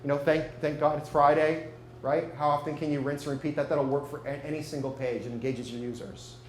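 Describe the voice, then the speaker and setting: This marketing meetup speaker talks fairly quickly with a flat delivery and a voice on the high side. His live presentation is casual and full of jokes and questions for the audience, recorded in an echoey room with a faint hum.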